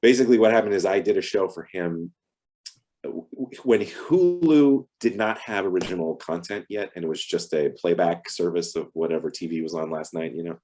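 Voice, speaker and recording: A man guesting on an interview over a video call, chatting casually and telling lively stories with voiced quotes. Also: low-pitched, normal speed. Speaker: actor guest.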